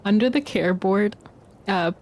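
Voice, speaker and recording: A woman's voice: medium pitch, measured pace, a little mellow. A woman narrating as game master of a tabletop game, meandering with many ums and self-corrections.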